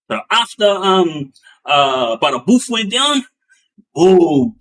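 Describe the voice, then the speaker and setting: A man telling a story in a loose, rambling way, with many fillers and restarts, acting out the action with bangs and booms. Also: very slow. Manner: animated, acts out sounds with bangs and booms. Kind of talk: casual spoken storytelling.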